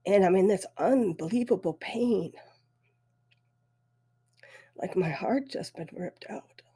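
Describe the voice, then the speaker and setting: A woman's voice: medium pitch, lively intonation, dark tone, breathy edge. Tearful woman telling a painful story. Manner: emotional, halting, voice breaking. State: weepy. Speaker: podcast host. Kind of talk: personal storytelling.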